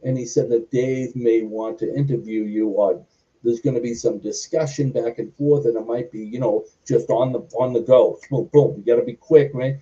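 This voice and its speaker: A man's voice: mid-range voice, steady tone, moderate pace, mellow. A middle-aged man, a former wrestler and stuntman, telling a long rambling story as an interview guest, wandering off on tangents. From Boston, US. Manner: goes off on tangents, acts out quoted dialogue. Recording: distant, muffled audio.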